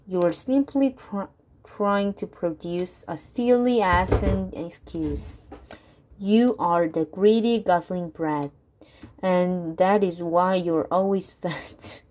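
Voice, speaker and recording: A woman's voice: fairly low pitch, slow, darkish tone, a little hiss or hum. A woman voicing an exasperated, strict mother scolding her child, in a storybook reading.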